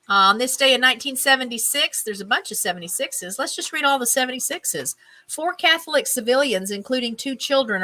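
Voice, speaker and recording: A woman's voice: fairly high pitch, bright, forceful tone, rough recording. A woman hosting a casual stream, reading items aloud, tripping over names, and adding chatty musing asides. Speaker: host.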